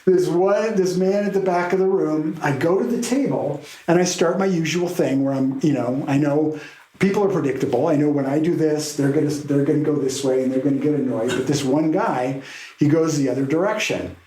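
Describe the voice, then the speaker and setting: Animated man telling stories in a roomy space. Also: on the high side, fairly quick. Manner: animated storyteller, laughs while telling. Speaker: podcast guest, keynote speaker. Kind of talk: storytelling in a podcast interview.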